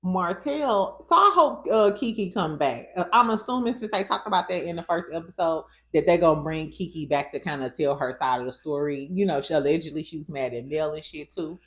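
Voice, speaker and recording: A woman's voice: low-pitched, brisk, few pauses, a bit bright. A woman with a St. hosting a casual recap of a reality show, sassy and profane, laughing often. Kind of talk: casual reaction commentary.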